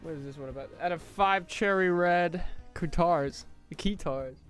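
A man's voice: sits high, normal speed, fairly bright tone, faint music behind. A young man co-hosting a sitcom review podcast, rambling and giggling through casual chat. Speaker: podcast co-host.

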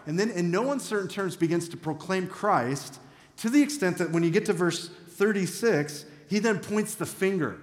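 A man's voice: sits high, lively intonation, moderate pace. A man preaching a sermon as pastor in a church, talking in a conversational but emphatic way. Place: church sanctuary. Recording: echoey hall reverb.

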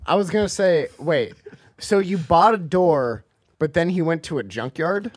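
A man's voice: on the high side, expressive, measured pace, dry recording, clean studio sound. A man co-hosting a podcast in casual chat who keeps asking questions and jumping in. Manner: inquisitive, interrupts with questions. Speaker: podcast co-host.

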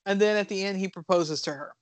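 On a casual podcast, a co-host who reviews horror films rambles through a movie's plot at a fast clip, her mid-range voice animated and full of fillers, with the odd curse slipped in. The sound is dry and close, with no room echo.

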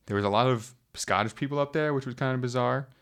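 A young American man co-hosting a podcast, chatting casually in a relaxed, rambling way full of "like". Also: mid-range voice, fast talker. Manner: relaxed, rambling, heavy use of "like". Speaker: podcast co-host. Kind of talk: casual chat.

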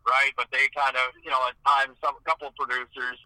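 A man's voice: mid-range voice, brisk, no room sound, poor audio. A man from Eastern Ontario, a hockey game commentator, telling stories in a casual chat, full of "like" and restarts. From Eastern Ontario, Canada. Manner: animated storytelling, many "like"s and restarts.

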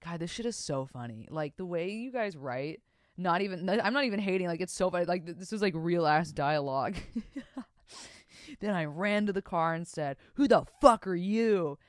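A woman's voice: lowish voice, normal speed, no room sound, studio quality. A young woman hosting a podcast, reading listener stories aloud and reacting to them with lots of swearing and laughter. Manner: profane, animated, laughs and comments while reading stories aloud. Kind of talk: casual podcast chat.

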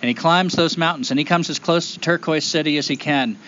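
A man telling a traditional folktale aloud in a rhythmic, expressive way, repeating phrases for effect. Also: on the high side, fairly quick, muffled recording, slight background noise. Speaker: storyteller. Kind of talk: oral folktale storytelling.

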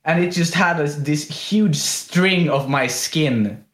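A young Swedish man co-hosts a casual podcast, telling rambling, animated stories and laughing often. His voice is on the high side, he speaks slowly, and the room is echoey.

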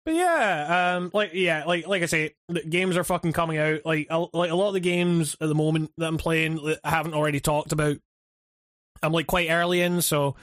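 A man's voice: fairly high pitch, brisk, a bit bright, no room sound, clean studio sound. Rambling man on a gaming podcast. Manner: rambling, hesitant, swears freely. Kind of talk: casual gaming chat.

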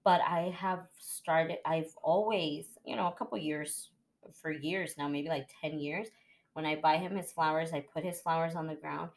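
A young woman with a slightly low voice tells a heartfelt personal story on a podcast. She chats casually and acts out the people she quotes. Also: steady tone, normal speed. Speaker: podcast host. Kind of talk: casual chat.

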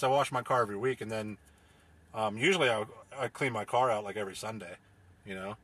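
Husky, forceful man rambling. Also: on the low side, fast talker, no room sound. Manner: rambling, profane, joking. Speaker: podcast host. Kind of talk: casual solo podcast rant. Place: inside his car.

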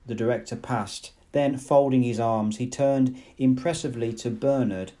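A man narrating a novel aloud with a mellow, warm tone. His reading is measured and dramatic, and his voice sits at an ordinary male pitch.

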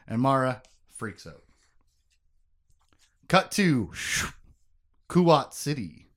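Animated man joking through a book recap. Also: mid-range voice. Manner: animated, joking, quick asides. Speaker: podcast host. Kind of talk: casual book discussion.

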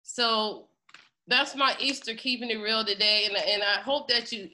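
A woman's voice: a little high, steady tone, unhurried, sharp tone. A woman hosting a congregation, preaching with fervent, pleading emotion and close to tears. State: near tears. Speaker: congregation host. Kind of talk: impassioned preaching.

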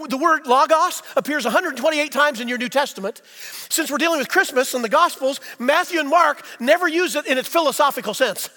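A man's voice: very high voice, bright, forceful tone, long reverb tail. A man preaching a sermon as pastor, teaching in a folksy way with rhetorical questions.

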